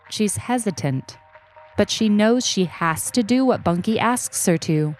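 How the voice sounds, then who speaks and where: A woman narrating a short story in an unhurried, even storytelling manner. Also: medium pitch, faint music behind. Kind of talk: audiobook reading.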